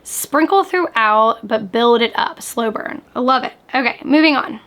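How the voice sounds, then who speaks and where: A woman book vlogger in casual reaction chat, animated and chatty, sprinkling "like" through her talk. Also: on the high side, measured pace. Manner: chatty, animated, frequent "like" fillers.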